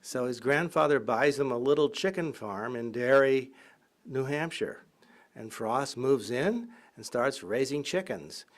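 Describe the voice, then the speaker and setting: A man's voice: mid-range voice, measured pace. A man giving a public lecture with a mid-range voice. He tells story after story and breaks into quoted voices. His delivery sounds conversational and wry. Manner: lively anecdotal storytelling, acting out quotes. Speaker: professor and biographer.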